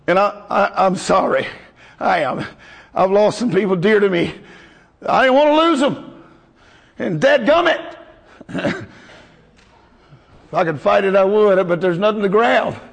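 A man's voice: sits high, lively intonation, unhurried, vocal fry, pauses often, big-room sound. A male pastor preaching a folksy, emotional sermon to his congregation.

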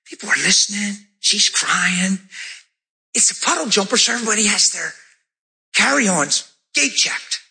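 High bright animated male preacher. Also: moderate pace, gravelly. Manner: animated storytelling, acting out dialogue, shouting praise. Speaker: pastor. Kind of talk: sermon testimony.

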